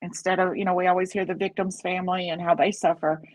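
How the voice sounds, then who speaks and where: A woman's voice: on the low side, level tone, quick pace, dry recording, rough recording. A woman co-host speaking earnestly and emphatically in a casual chat.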